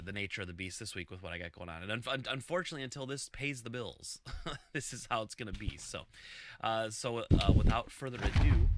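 Rambling man hosting a podcast over loud clicks. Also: fairly low pitch. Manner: rambling, filler-heavy, chuckling asides. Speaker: podcast host. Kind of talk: casual live-stream podcast chat. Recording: loud clicking noise behind the voice.

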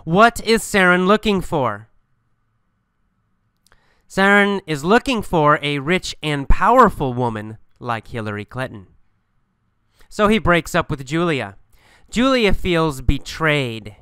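Bright, emphatic male English teacher. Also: on the high side, lively intonation, clean tone, no room sound. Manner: slow, emphatic, asks and answers questions. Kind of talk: storytelling language lesson.

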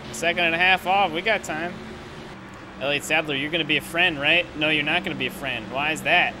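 A young man with a fairly high voice gives live commentary on a racing game. He rants with exasperation and swears constantly. Loud engine noise from the game runs underneath him the whole time. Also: a little fast. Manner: profane, exasperated ranting. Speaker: gaming commentator.

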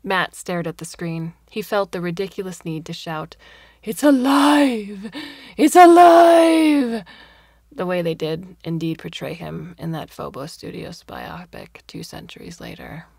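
Soft-spoken woman with a gravelly voice. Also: on the low side, steady tone, normal speed, hardly any pauses, no room sound, studio quality. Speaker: story reader. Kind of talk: scripted narration.

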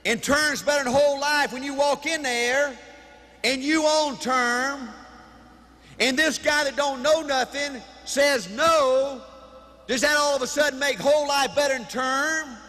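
A man giving an emphatic, repetitive motivational speech to a crowd in a large hall, with bursts of shouting. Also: very high voice, fairly even intonation, measured pace. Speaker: motivational speaker. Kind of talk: high-energy motivational speech.

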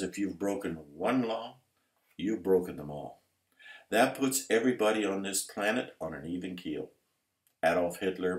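A man preaching a sermon emphatically, building to loud, intense passages. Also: sits low. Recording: roomy echo.

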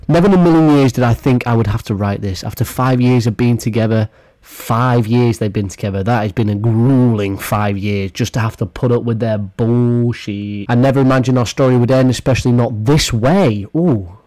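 A man's voice: medium pitch, a little fast, warm tone. Young man, sarcastic, crude, mock-dramatic, comedic gossip rant, mid-range voice. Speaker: YouTube commentator.

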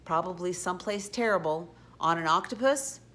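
A woman voicing a timid, easily panicked young male mouse who sounds shrill and whiny. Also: moderate pace, fairly bright tone, natural voice. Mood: gloomy.

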